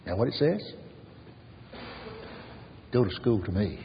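Male preacher, low voice, pulpit delivery that rises loud and drops hushed; long reverb, faint hiss. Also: very animated, slow, muffled recording. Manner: emphatic, repetitive preaching, swinging from loud to hushed. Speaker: pastor. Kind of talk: sermon. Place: church sanctuary.

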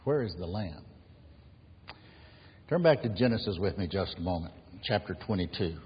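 Male pastor, sermon delivery, lowish raspy voice, long church reverb. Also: animated, normal speed. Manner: earnest preaching, rising emphasis on key words. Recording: dull lo-fi sound in a reverberant hall.

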